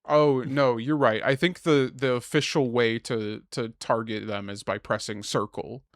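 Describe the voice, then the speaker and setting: A man's voice: medium pitch, steady tone, unhurried, no echo. Ranting young man with a dry sound. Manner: ranting, profane, bursts into loud exasperated shouts. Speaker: podcast co-host. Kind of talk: casual chat.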